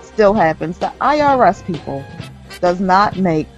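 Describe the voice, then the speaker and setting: A woman's voice: lowish voice, big pitch swings, unhurried, muffled recording, soft background music. A woman in casual chat, emphatic and playful, laughing often.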